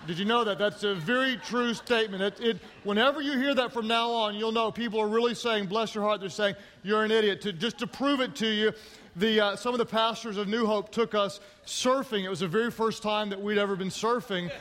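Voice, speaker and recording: A middle-aged man from Oklahoma, a guest pastor preaching in an energetic, joking, self-deprecating way. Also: high voice, brisk. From Oklahoma, United States. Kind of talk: sermon. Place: large church sanctuary with congregation. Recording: hall reverb with crowd.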